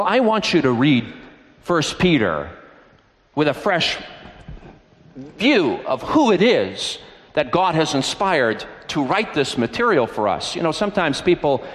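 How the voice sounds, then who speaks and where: Male preacher, earnest, emphatic, mid-pitched voice, long hall reverb. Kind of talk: sermon.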